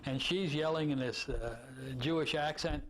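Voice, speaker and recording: Man, hypnosis teacher, fairly high voice, lively storytelling, anecdotal lesson. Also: moderate pace, a little hiss or hum. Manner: animated storyteller acting out voices. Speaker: hypnosis instructor.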